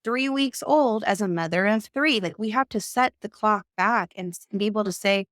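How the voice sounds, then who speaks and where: A woman coach and mother giving conversational advice, emphatic and quick to act out the voices she quotes. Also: mid-range voice, a bit bright, dry recording, studio quality.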